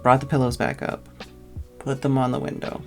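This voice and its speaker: A woman's voice: a bass voice, level tone, normal speed, faint music behind. A tired woman streamer telling a long, casual story, rambling and full of "like" fillers.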